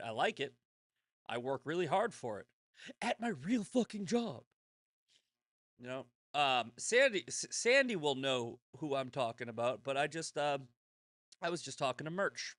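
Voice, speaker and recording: A man's voice: a little high, fairly bright tone, dry recording. A man hosting his own show, talking in a blunt, rambling, profane monologue full of restarts. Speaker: show host. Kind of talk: casual monologue.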